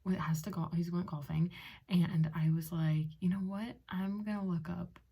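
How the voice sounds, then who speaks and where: A young woman in her late twenties tells a personal story for her vlog in a rambling, excitable way, stringing thoughts together with plenty of "like" and "um". Her voice sits fairly low and carries a gravelly vocal fry. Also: moderate pace. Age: late 20s. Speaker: vlogger. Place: at home in a bedroom.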